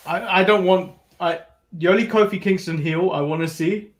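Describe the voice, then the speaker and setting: A playful man with a high voice co-hosting a casual wrestling show. He rambles and trips over repeated words as he talks. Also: normal speed. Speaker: podcast co-host. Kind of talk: casual wrestling recap chat.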